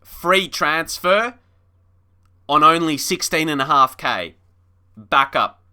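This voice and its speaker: A man's voice: a little high, lively intonation, slow, bright, forceful tone, clean tone. A man commentating casually on a live stream of a football management game, chatty and mock-frustrated, laughing and talking to his chat.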